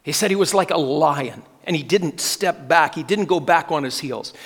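In a large hall with long reverb, a preacher earnestly tells a story in his sermon, quoting the people involved and repeating key phrases. His voice is on the high side and a bit bright.

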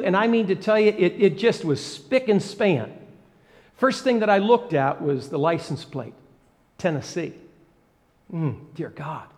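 A man preaching and telling a story, animated, often repeating words and bursting into excitement. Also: high-pitched, in a large hall. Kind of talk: sermon storytelling.

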